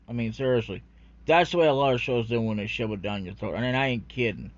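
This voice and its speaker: Male vlogger, mid-pitched, rambling profane rant, muffled lo-fi sound. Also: fast talker. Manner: profane, rambling, full of fillers and restarts. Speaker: anime commentary vlogger. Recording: dull lo-fi recording.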